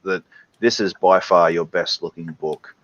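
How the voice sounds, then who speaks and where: A man's voice: sits low, steady tone, unhurried. A man joking around on a casual livestream, sometimes hyping things up like a salesman. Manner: joking, mock-salesman hype. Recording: dull, dry lo-fi sound.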